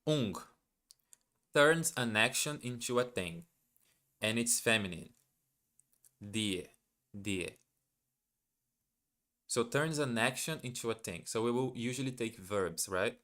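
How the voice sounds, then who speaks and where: A man's voice: medium pitch, lively intonation, slow pace, long pauses, a bit bright. A man on a casual live stream, thinking aloud as he works through a language app. He hesitates, questions himself and repeats practice words. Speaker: live streamer learning German.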